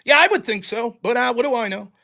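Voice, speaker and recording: Male streamer, high and animated, mocking humor, casual super-chat reading. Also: fast, creaky. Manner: reads donor messages in a lower, quieter voice. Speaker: livestream host reading super chats.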